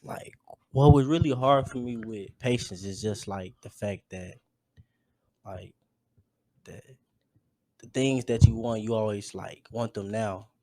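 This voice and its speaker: Male podcast host, low voice, halting and thoughtful, dry close sound. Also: warm tone, no room sound. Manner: halting, searching for words, many restarts. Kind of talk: casual chat.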